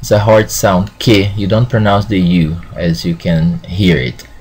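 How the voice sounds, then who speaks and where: A man teaching a Spanish lesson who talks slowly, says "okay" often and sounds out words with care. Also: sits low, darkish tone, breathy edge. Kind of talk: classroom lesson.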